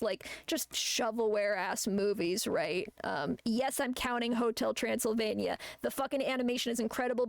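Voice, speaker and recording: A woman's voice: on the high side, vocal fry, no room sound. A woman chatting casually while she draws on a live art stream, rambling and ranting with plenty of swearing. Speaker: artist streamer.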